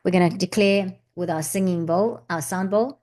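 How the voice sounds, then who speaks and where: A woman's voice: on the low side, steady tone, normal speed, a little mellow, a little hiss or hum. A woman hosting a casual spiritual vlog, chatty and meandering with many asides, who at times breaks into flowing chanted syllables. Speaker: spiritual channel host.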